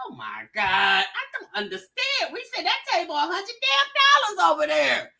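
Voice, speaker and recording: A woman hosting a reaction video, giving loud, teasing commentary and talking straight to her viewers. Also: very high-pitched, sing-song, normal speed, hardly any pauses.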